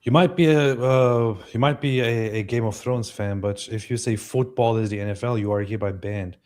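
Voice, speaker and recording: A man's voice: fairly low pitch, normal speed, hardly any pauses, darkish tone. A man co-hosting a casual live-stream, joking and teasing. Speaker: co-host.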